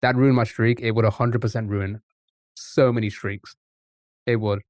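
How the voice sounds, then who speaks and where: A man's voice: lowish voice, fairly even intonation, moderate pace, darkish tone, no echo, clean studio sound. A man chatting casually on a live game stream, rambling and tripping over his words.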